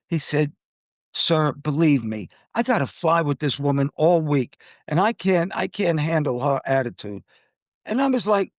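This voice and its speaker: An older man telling a travel story in casual chat, animated, acting out the people he quotes. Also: no room sound, studio quality. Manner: animated, acts out quoted people with jumps in pitch.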